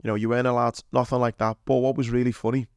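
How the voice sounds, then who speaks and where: A man's voice: mid-range voice, level tone, racing, dry recording. A man with a Liverpool accent, a podcast guest rambling through an anecdote with plenty of fillers. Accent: Liverpool (Scouse). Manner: rambling anecdotal telling with fillers and acted quotes. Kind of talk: casual storytelling chat.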